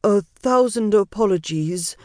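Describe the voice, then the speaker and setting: A woman's voice: medium pitch, a little slow, darkish tone, no echo, clean studio sound, lightly acted. A woman voicing a panicked young male vampire who lisps and apologizes. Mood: flustered. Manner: flustered, apologetic, lisping.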